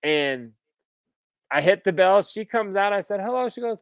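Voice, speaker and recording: A man's voice: high voice, animated, moderate pace, clear, resonant tone, dry recording, studio quality. A man in his thirties, a podcast co-host, telling stories in a casual chat, laughing often and swearing freely.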